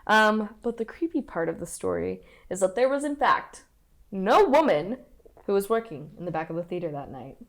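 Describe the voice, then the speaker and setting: A woman's voice: mid-range voice, very animated, normal speed, creaky. A young woman co-hosting a podcast, telling a ghost story in a casual, playful way with frequent laughs. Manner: giggly, playful, puts on silly voices. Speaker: podcast co-host.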